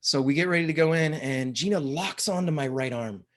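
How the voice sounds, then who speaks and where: A man telling a comic personal story in a self-deprecating, animated way, with halting restarts. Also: fairly high pitch.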